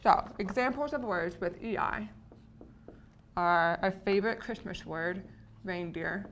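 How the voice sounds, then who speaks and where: A woman's voice: mid-range voice, measured pace, fairly bright tone, a little hiss or hum. A woman explaining spelling patterns to teachers in a patient lesson, often checking in with the listeners. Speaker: teacher educator.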